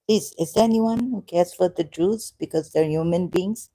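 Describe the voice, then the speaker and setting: A woman's voice: lowish voice, expressive, normal speed, mellow, rough recording. A woman on a live stream giving rambling, impassioned commentary, repeating herself and firing rhetorical questions at her viewers.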